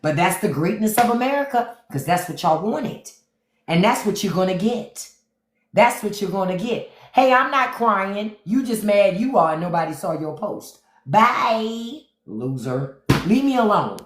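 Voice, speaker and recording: A woman's voice: medium pitch, animated, normal speed, reverberant, background noise. A woman hosting a live stream, ranting about politics to her chat in a profane, sarcastic, mocking way. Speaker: podcast host on a live stream. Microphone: phone.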